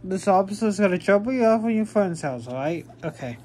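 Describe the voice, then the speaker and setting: A woman's voice: mid-range voice, expressive, brisk, a little mellow, slight background noise, pitched below the performer's own voice, close to an everyday voice. A woman voicing a stern male police officer who plods along with fillers as he sorts out paperwork. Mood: calm.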